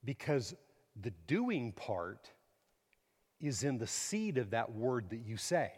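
A middle-aged man preaching a sermon, emphatic, swinging from quiet to loud and repeating words. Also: medium pitch, sing-song, slow pace, breathy edge, big-room sound.

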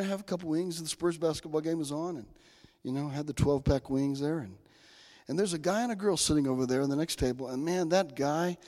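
Preacher, male, folksy storyteller, high voice, church reverb. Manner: folksy storytelling, swings from soft to loud. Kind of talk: sermon with personal stories. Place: church sanctuary. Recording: long hall reverb.

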